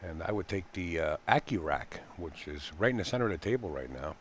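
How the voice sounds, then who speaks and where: A man with a low, deep voice calls a live pool match in a relaxed, folksy way. He rambles between shots and fills the gaps with uhs. A faint hum sits under his voice. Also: fairly quick. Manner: chatty, folksy, laughs easily, frequent fillers. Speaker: pool commentator. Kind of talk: live sports commentary. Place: pool hall commentary booth.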